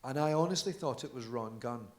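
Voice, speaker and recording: A guest dancer tells chatty anecdotes and laughs along during an on-stage interview at a live audience event in a large conference hall. His mid-range voice moves fairly quickly over some background noise, picked up by a stage mic in the echoey hall.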